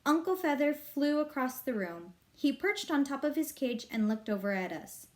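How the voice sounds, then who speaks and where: A woman reads a children's novel aloud with a fairly high voice. Her narration is expressive and lively, rising with the excitement of the story. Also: normal speed. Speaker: reader.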